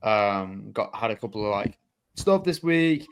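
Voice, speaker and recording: Laid-back podcast co-host, lively pitch. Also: male voice, measured pace, smooth. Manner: laid-back, hesitant, trails off. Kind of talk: casual movie podcast chat.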